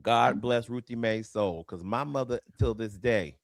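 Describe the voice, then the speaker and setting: A man's voice: medium pitch, a little slow, creaky, no echo, studio quality. A man in his forties hosting a comedy radio show, laid-back and drawling in casual banter. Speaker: radio show host and stand-up comic. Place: radio studio.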